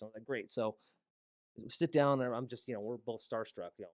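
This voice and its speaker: A man's voice: fairly low pitch, fast talker, no room sound, clean studio sound. A man in his forties, a cigar maker, telling a long anecdote on a casual podcast and acting out the dialogue. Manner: animated anecdote-teller acting out quoted dialogue.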